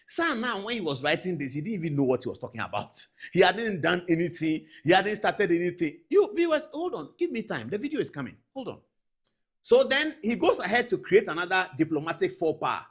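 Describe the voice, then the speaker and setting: A man with a Ghanaian accent, a TV show host giving animated political commentary. He talks straight to the viewers in an emphatic, exasperated way and mixes English with Twi phrases. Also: high-pitched, a little fast, husky.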